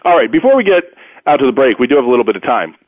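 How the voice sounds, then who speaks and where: A man hosting a sports talk radio show, rambling through stories and blunt opinions in an animated, storytelling way. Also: medium pitch, very fast, no room sound. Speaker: radio host. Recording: tinny phone-like radio audio, dry.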